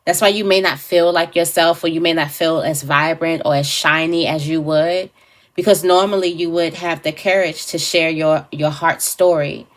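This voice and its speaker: A woman's voice: low voice, fairly even intonation, normal speed. A woman giving a casual tarot reading to camera, thinking aloud with fillers and restarts. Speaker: tarot reader.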